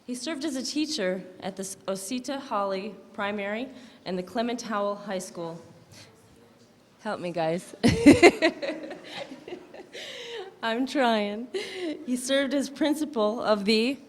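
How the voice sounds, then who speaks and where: A woman's voice: on the high side, unhurried. A woman emcee reading out a speaker's introduction, with light, self-deprecating asides. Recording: reverberant hall.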